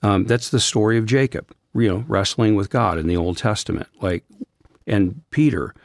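A man with a notably low voice talks in an earnest, gentle way on a faith podcast. His close mic is dry, with no room sound. He slows down when a point moves him. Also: vocal fry, no room sound. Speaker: Christian counselor and podcast co-host. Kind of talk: reflective faith discussion.

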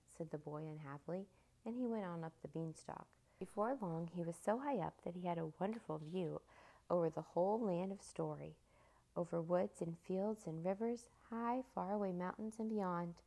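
A woman reads a children's storybook aloud with steady, expressive storytelling. Her voice sits a little low and has a gravelly grain. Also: moderate pace. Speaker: narrator.

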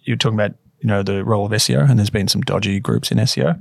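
A man's voice: on the low side, very fast, gravelly, dry recording. A man co-hosting an investing podcast, making dry, offhand remarks in casual chat. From Australia. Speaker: podcast co-host.

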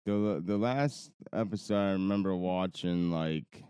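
A man's voice: deep voice, measured pace, warm tone, smooth, no echo. A young man co-hosting a podcast, chatting casually, rambling with frequent laughs and swearing. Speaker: podcast co-host. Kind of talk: casual chat.

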